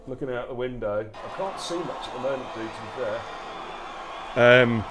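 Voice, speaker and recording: A man's voice: mid-range voice, normal speed, very noisy. A man from England commentating a sim race stream, joking and bantering casually with his co-host.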